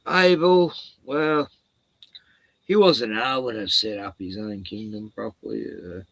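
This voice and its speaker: A man's voice: fairly low pitch, slow pace, vocal fry, a bit bright, no echo, rough recording. A man telling a story casually, profane and rambling, laughing at his own jokes.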